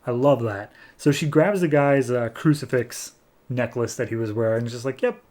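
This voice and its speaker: A man's voice: mid-range voice, moderate pace, darkish tone. A man hosting a comic book podcast, walking through a story in a loose, rambling manner. He fills his sentences with "like" and talks in an ordinary mid-range voice. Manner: loose and rambling, heavy use of "like". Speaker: podcast host. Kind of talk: casual comic book recap.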